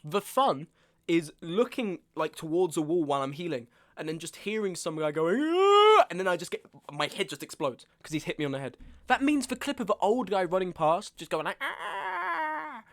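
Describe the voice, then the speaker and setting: Twenty-something male streamer, casual and exasperated, voice on the higher side, ranting and repeating himself to chat. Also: animated, a little fast. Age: 20s. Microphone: webcam setup at home.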